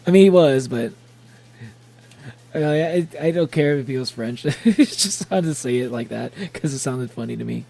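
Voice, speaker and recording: Gravelly young man streaming chatter. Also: mid-range voice, animated, moderate pace, warm tone. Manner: rambling, laughs often, chatty. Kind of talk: casual gameplay streaming chat.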